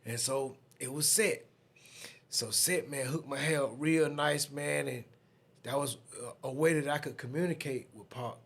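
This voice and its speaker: A man in his fifties with a Southern US accent, a podcast guest telling a story in a casual, lively way and acting out the other people in it. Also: mid-range voice, normal speed, creaky, husky. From Atlanta, USA.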